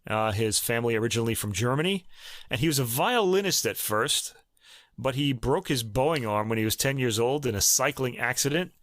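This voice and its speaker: A man talking through recordings as a podcast co-host, loose and conversational, pausing with ums as he thinks aloud. His voice sits at an ordinary middle pitch. The recording is dry and close, with no room sound. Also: expressive, a bit bright, no room sound. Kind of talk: casual chat about recordings.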